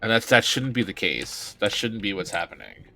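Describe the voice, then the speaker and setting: A man's voice: on the low side, very animated, moderate pace, creaky, bright, forceful tone, faint music behind. A man streaming a video game, talking casually in a rambling, hesitant way with blunt opinions. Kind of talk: casual commentary over a game.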